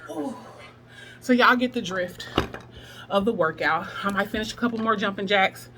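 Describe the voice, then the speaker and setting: A woman's voice: mid-range voice, normal speed, background noise. A woman talking in a motivational workout vlog, sassy and emphatic, sometimes out of breath while exercising. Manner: sassy, preachy, emphatic, laughs often. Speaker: plus-size fitness vlogger. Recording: distant mic with music behind.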